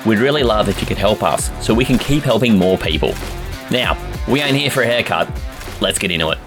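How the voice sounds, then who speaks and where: A man's voice: lowish voice, lively intonation, brisk, over music. An Australian man reading a friendly scripted appeal for his podcast. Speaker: podcast host. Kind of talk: scripted promo read.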